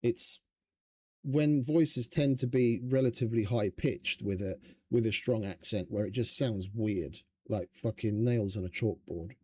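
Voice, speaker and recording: A man's voice: lowish voice, a little slow, warm tone, slightly rough, no room sound. A man streaming a survival game, chatting casually in a rambling, profane, stop-start way. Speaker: gaming streamer. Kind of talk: casual gameplay commentary.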